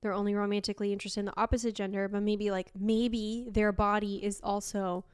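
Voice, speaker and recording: She speaks at a fairly quick clip in a mid-range voice with little pitch movement, smooth and free of echo in clean studio sound. A young Argentine podcast co-host, she chats casually, giggles often and tells stories peppered with swearing.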